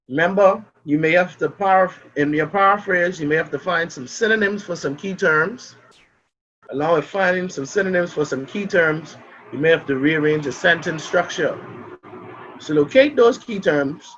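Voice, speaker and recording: A Bahamian man with a fairly high voice teaches an online class, calling on students by name and walking through examples. The sound is dull and muffled, as on a video call. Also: moderate pace, fairly bright tone. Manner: calls on students by name, asks and answers questions.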